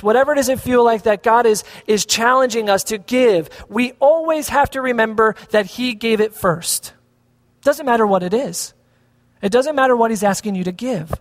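Pastor preaching in a reverberant hall. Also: mid-range voice. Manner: conversational preaching, asks the congregation questions. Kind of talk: sermon.

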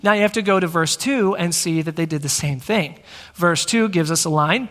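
A man preaching a teaching sermon in a church, energetic and conversational, talking straight to the congregation. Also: a little high, normal speed. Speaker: pastor. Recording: long reverb of a large hall.

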